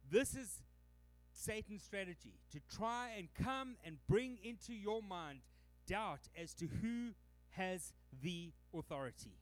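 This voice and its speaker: A Canadian man preaches to his congregation with a high voice. He is animated and slips into the voices of the people he quotes. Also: takes it slowly, no echo, faint music behind. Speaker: pastor. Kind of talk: sermon.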